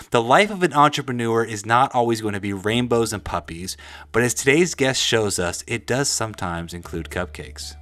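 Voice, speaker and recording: A man's voice: medium pitch, lively intonation, moderate pace, fairly bright tone. A man hosting a podcast, chatting casually with a guest in a home kitchen. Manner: upbeat, chatty, laughs easily. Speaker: podcast host. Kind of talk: casual interview chat.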